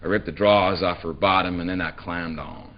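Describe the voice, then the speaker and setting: An actor voicing a blunt, sly country man from the Deep South, who drawls his story in a low register with earthy relish. It comes across as a dull, muffled live theatre recording. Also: steady tone, a little fast. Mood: gleeful. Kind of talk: live dramatic reading. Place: theatre stage before a live audience.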